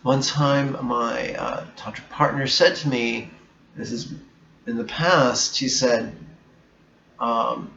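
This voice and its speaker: A man giving a reflective spiritual talk as a meditation teacher, slow, deliberate and bluntly emphatic. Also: medium pitch, vocal fry, pushed and bright. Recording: echoey room, dull sound, faint hiss.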